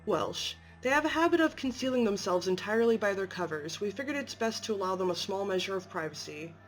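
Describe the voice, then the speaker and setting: A woman voicing an earnest, concerned facility doctor with a gentle, questioning manner, in an amateur story reading. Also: mid-range voice, animated, fast, soft background music, close to an everyday voice.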